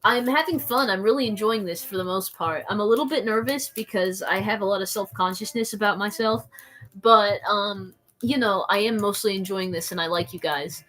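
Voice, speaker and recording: A woman's voice: mid-range voice, moderate pace, a bit bright. A young adult woman live streaming, reading chat aloud in a playful, rambling way, often saying "like" and slipping into silly voices.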